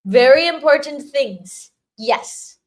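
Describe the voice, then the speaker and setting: An older woman signs off a casual livestream with a slightly high voice. She is playful and giggly, laughing often as she chats with her viewers as their spiritual teacher. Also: lively intonation, slow.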